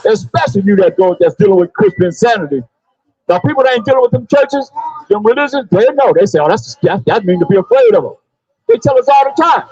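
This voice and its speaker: A man preaching loudly outdoors on a city sidewalk, calling out verses for a reader to read. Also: sits high, lively intonation, fast, slightly rough, dull audio, faint music behind. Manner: loud, preachy, calls on a reader and repeats the verses. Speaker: street preacher. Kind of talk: open-air street preaching.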